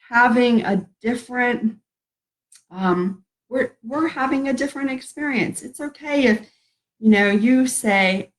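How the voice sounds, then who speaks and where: A woman's voice: fairly high pitch, rough recording. A middle-aged woman hosting a casual spiritual live stream, rambling and laughing at herself as she talks about love and connection.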